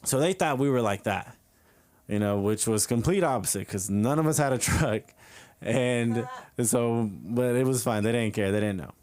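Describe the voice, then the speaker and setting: A man's voice: medium pitch, normal speed, darkish tone. A young man doing stand-up at an open mic, telling a rambling story full of fillers and chuckling at his own lines. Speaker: stand-up comedian. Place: comedy club open mic.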